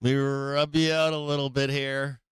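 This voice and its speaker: A man's voice: mid-range voice, level tone, moderate pace, background noise. A man hosting a live trading show in casual commentary, coaxing and teasing the chart, swearing and laughing often.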